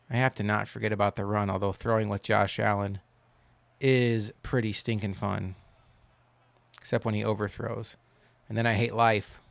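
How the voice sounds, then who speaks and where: A man giving casual commentary while playing a football video game, wry and quick to complain, then cheering loudly on big plays. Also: fairly low pitch, gravelly, no echo. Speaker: gaming channel host.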